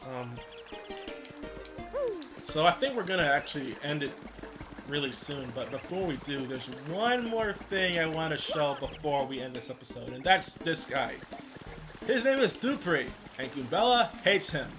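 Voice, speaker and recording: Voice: mid-range voice, expressive, normal speed. Casual game commentary, wry offhand talk, game music playing underneath. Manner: offhand, wry, reads text aloud. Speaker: gameplay commentator. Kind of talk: casual let's-play commentary.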